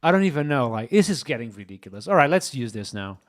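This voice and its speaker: A man hosting a live coding stream, excitable and exclaiming as he talks to his chat. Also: mid-range voice, fast. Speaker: streamer, host.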